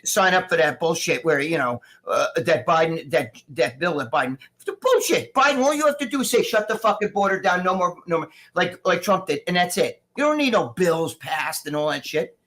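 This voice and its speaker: A man's voice: on the high side, very animated, moderate pace, hardly any pauses, a bit bright. A middle-aged man chatting on a live stream, ranting in a heated, rambling way with lots of swearing. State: recovering from surgery. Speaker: guest. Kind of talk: casual live-stream chat.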